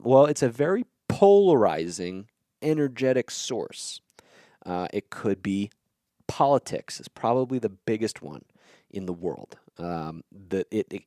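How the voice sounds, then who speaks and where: A man's voice: mid-range voice, warm tone, no echo, studio quality. A man hosting a podcast, talking through ideas in a casual, blunt way, swearing freely and checking in with "okay?" and "right?". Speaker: podcast host. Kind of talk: casual explanatory monologue.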